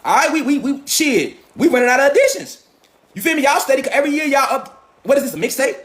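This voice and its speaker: A man delivering a profane, animated monologue, mocking and heated, full of rhetorical questions. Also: very high-pitched, fast talker. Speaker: host of a lecture channel.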